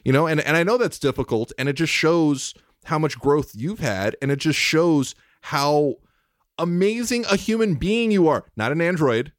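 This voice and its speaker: A man's voice: fairly high pitch, lively intonation, normal speed, no echo, clean studio sound. Emotional, rambling man podcast host. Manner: heartfelt, emotional, rambling with restarts. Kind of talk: casual chat.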